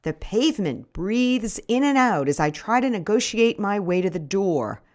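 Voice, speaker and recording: A woman's voice: mid-range voice, normal speed. Wry middle-aged woman narrating. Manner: wry, deadpan storytelling. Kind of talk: first-person memoir reading.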